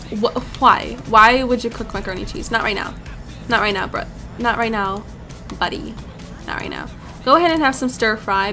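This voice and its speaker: A young woman giving casual commentary over a life-sim game, chatty and easily excited, talking to the characters on screen. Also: on the high side. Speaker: let's play commentator.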